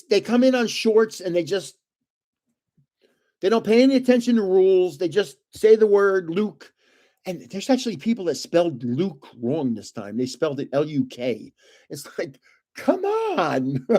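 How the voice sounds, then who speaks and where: An older man chats to his viewers in a rambling, easygoing way, full of fillers, false starts and little chuckles. His voice sits a touch higher than most men's. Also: darkish tone. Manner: rambling, talkative, frequent uh fillers and restarts. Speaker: card collecting channel host. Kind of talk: casual chat to viewers.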